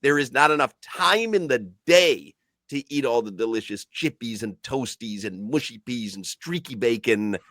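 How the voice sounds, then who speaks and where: An American man hosting sports talk radio, talking casually and jokily with his co-host and guest. He sprinkles in mock British phrases for fun. His voice sits at an ordinary pitch and sounds close and dry in a studio. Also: animated, moderate pace, a bit bright, no room sound. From United States.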